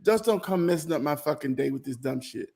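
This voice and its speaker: Casting: slightly high male co-host, dry and matter-of-fact. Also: lively intonation, fairly quick, gravelly, a loud crowd. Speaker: podcast co-host. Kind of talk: casual chat.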